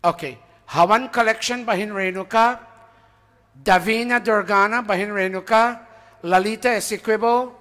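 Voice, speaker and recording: A high-pitched man speaks at a normal speed, his tone fairly bright, while reading donor names aloud at a temple gathering. The announcements are casual: he pauses to question the audience and confesses when he can't recall someone. The recording carries the reverb of the temple hall.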